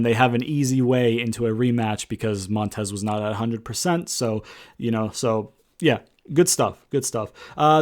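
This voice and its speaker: A wrestling show reviewer rambles through a casual recap, full of fillers and restarts. His mid-range voice is a little mellow.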